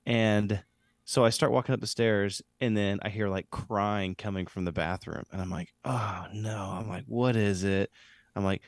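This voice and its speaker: Podcast co-host, thirties, male; chatty, filler-heavy storyteller with a deep voice and a dry mic. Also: normal speed, dry recording. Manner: rambling, animated storyteller with frequent fillers. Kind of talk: casual storytelling chat.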